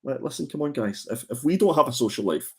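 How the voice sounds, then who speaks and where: A man's voice: mid-range voice, expressive, fast talker, vocal fry, fairly bright tone, breathy edge. A man co-hosting a comics livestream with a mid-range voice. He chats in a casual, rambling style and jokes with his co-host as he goes. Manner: chatty, rambling, joking, with frequent fillers and restarts.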